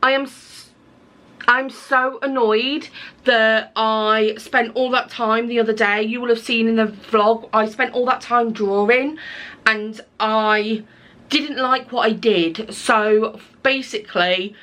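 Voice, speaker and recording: A woman's voice: fairly high pitch, steady tone, takes it slowly, fairly bright tone. A young woman chatting casually to camera in a small indoor studio, rambling and interrupting herself as she talks. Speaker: small business owner and illustrator vlogging.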